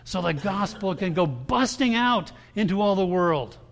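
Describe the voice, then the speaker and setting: A man's voice: high voice, lively intonation, measured pace, creaky. A man preaching a sermon to his congregation in a conversational style, with frequent restarts and emphatic quoted lines. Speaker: pastor. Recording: long hall reverb.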